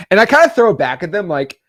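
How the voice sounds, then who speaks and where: A man giving a casual coaching talk on cold calling, chatty, with quick asides and frequent laughs. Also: high-pitched, very animated, no echo.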